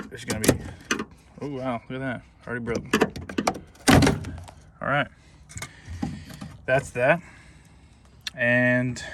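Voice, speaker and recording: A man's voice: mid-range voice, fairly bright tone. A man hosting a casual DIY car vlog, talking loosely with many ums and restarts while working on a car in a garage. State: out of breath from working. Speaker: car channel host. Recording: distant mic with faint background noise.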